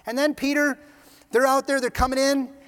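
A man preaching a sermon, retelling scenes with animated storytelling and casual asides. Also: very high voice, normal speed. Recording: reverberant hall.

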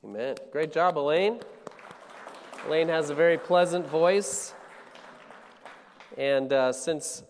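A man's voice: fairly high pitch, slow pace, long pauses, in a large hall, a faint crowd, slight background noise. A man from Colorado, a pastor teaching a sermon in a casual, conversational way. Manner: casual, conversational, with frequent fillers and restarts.

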